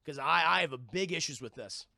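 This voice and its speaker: A man reviewing a film on a live stream to his chat, animated and profane, acting out scenes as he retells them. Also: a little high, brisk, creaky, dry recording.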